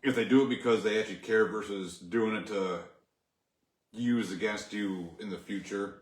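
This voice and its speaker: A man's voice: fairly low pitch, steady tone, normal speed. A man co-hosting a casual talk show, rambling through his thoughts with plenty of fillers. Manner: rambling, lots of fillers like "like" and "you know". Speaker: co-host. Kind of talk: casual chat. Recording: echoey room.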